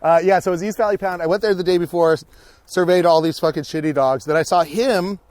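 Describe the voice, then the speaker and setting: A young man with a fairly high voice tells stories in a loose, swearing, animated way, acting out his own reactions as he walks a park trail. The sound is close and dry, with little room around it. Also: fast, dry recording. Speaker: podcast guest. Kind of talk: casual chat on a walk. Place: outdoors on a park hiking trail.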